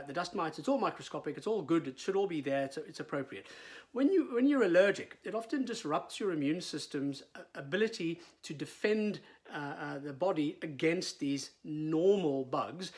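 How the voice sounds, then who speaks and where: A middle-aged man, a veterinarian explaining in casual talk, with frequent fillers and repeated words. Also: a little high.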